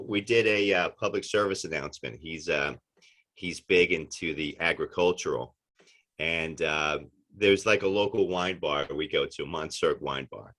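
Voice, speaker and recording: A man with a New York and New Jersey accent, chatting as an interview guest and telling lively anecdotes. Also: low-pitched. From Northeastern United States. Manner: animated storyteller, acts out dialogue. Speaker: actor guest. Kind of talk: casual interview chat.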